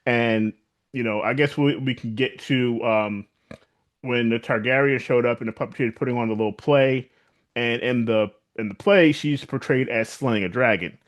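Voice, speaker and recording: A man's voice: mid-range voice, fairly even intonation, moderate pace. A man co-hosting a podcast, animatedly recapping a TV series in casual chat and acting out what the characters say. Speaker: podcast co-host.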